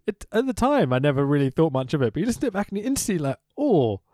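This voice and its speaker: A man's voice: on the high side, big pitch swings, racing, a little mellow, dry recording, studio quality. A man co-hosting a casual podcast, joking, laughing a lot and reading from his notes. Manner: jokey, laughs often, reads notes aloud. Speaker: podcast co-host. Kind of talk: casual chat recapping a wrestling show.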